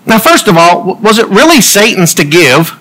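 A man's voice: sits high, sing-song, normal speed, sharp tone, rough recording. A man preaching a humorous sermon, full of jokey asides and laughter.

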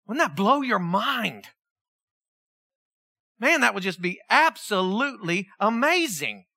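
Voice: medium pitch, big pitch swings, slow pace, bright, forceful tone, no room sound, studio quality. A preacher, giving a sermon, telling the story vividly and asking the listeners questions. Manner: storytelling, acts out the people in the story; asks the listeners many questions.

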